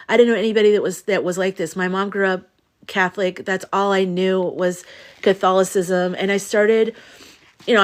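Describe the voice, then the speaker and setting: A middle-aged woman from the United States hosting a casual spiritual live stream, talking in a rambling, confiding, emotional way with many restarts. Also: lowish voice. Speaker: spiritual livestream host.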